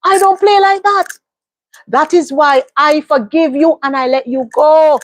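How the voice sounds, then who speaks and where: A woman's voice: high-pitched, measured pace, no room sound. A woman, giving emphatic life advice in a casual livestream monologue and repeating phrases for stress. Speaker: livestream host.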